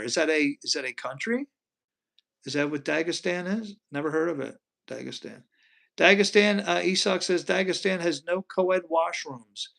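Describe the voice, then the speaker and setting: Chatty man with a gravelly voice. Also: a little high, fairly bright tone. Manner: chatty, rambling, asks viewers questions. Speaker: live stream host. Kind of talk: casual live stream chat, reading comments. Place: at home.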